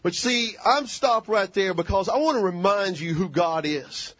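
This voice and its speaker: Fervent preacher man, high voice. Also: normal speed, fairly bright tone, dry recording, muffled recording. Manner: fervent, calls for amens. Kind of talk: sermon.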